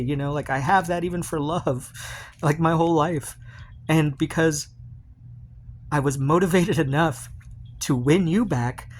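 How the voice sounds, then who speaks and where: A man's voice: fairly high pitch, a little slow, pauses often, slight background noise. A man recording a personal video message to his partner, rambling and confessional, full of fillers and restarts.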